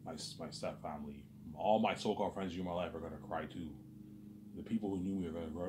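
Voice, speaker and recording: Over a noisy background, a man vlogs at a quick pace in a low-pitched voice. His monologue is rambling and agitated, full of swearing and repeated uses of "obviously" and "man."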